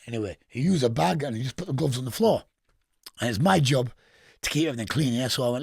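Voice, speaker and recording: A man's voice: mid-range voice, lively intonation, fast, gravelly, a little mellow, breathy edge, no echo, studio quality. A man with a Geordie accent telling prison stories as a podcast guest, blunt and full of swearing, laughing at his own tales. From England. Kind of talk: storytelling in casual interview.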